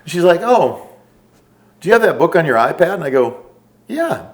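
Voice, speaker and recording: A man's voice: on the high side, crowd noise. A middle-aged man, a podcast guest, telling stories casually and quoting the people in them. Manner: relaxed, drawn-out storytelling with quoted dialogue. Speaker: podcast guest, former special forces operator. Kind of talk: casual storytelling.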